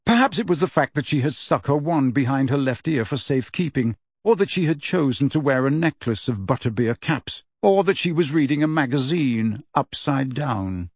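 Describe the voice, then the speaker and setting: A man narrating an audiobook in a measured, steady storytelling voice. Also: medium pitch, slightly rough, no echo, studio quality.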